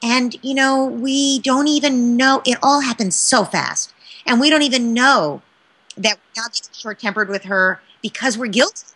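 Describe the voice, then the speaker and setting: A woman speaking as a parenting expert in an interview, animated and often checking in with "right?". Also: a little high, normal speed. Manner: animated, keeps asking "right?". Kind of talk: interview answer, advice.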